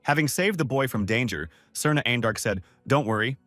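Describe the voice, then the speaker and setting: A man narrating a story recap from a script in a steady storytelling manner. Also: mid-range voice, fairly quick, no echo. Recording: dry close voice over soft music.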